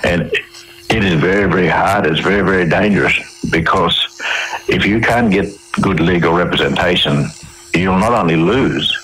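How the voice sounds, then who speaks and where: An Australian man giving a radio interview, telling his own stories in a halting way with many restarts and fillers. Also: low-pitched, a bit bright, husky, low-quality recording. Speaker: interview guest.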